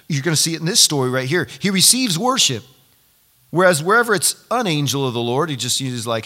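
Preacher guy mid-sermon, bright, bouncy voice, gets loud and repeats himself when fired up. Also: fairly high pitch, a little fast. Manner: animated preaching, building to loud emphatic peaks. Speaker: pastor.

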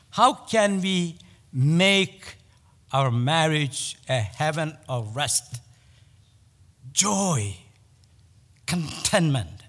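Male pastor, measured sermon delivery with emphatic repetition, recorded in a hall with long reverb. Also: a little high. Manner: storytelling, with pauses and emphatic repetition. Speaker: preacher.

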